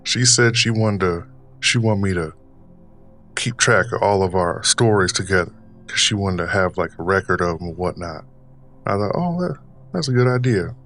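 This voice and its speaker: Deep-voiced man in a put-on Southern drawl. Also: lively intonation, a bit bright, faint music behind. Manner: deliberately puts on an older man's voice; rambling, filler-heavy, unhurried delivery. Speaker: podcast host. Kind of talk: casual storytelling monologue.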